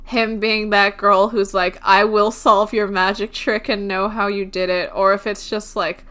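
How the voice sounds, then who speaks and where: A woman's voice: medium pitch, level tone, a little slow, a bit bright. A woman co-hosting a podcast, casually analyzing a TV episode in a thoughtful way and laughing easily. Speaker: podcast co-host. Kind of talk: casual chat recapping a TV episode.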